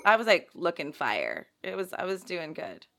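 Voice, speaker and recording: Bright, giggly woman in her thirties. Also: on the low side, big pitch swings, gravelly. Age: 30s. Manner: giggly, self-deprecating, quick banter. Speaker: podcast co-host. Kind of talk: casual chat.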